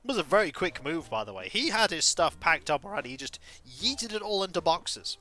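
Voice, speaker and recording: A man chats his way through a cozy life-sim game on a livestream, slipping between cheerful remarks and half-muttered asides. His voice sits a little high and bounces around with plenty of lift. The tone is bright and forward, with quiet game music playing underneath. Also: big pitch swings, a little fast. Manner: chatty, muttering asides to chat. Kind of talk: casual gameplay commentary.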